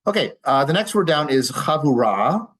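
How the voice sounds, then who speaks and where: A man's voice: on the high side, sing-song, normal speed, fairly bright tone, poor audio. Guy rabbi teaching a room of people, easygoing explainer, lots of uhs, little dry jokes. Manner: patient, explanatory, dry humor, frequent fillers. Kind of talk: informal lecture with audience questions. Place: congregation classroom with a live audience.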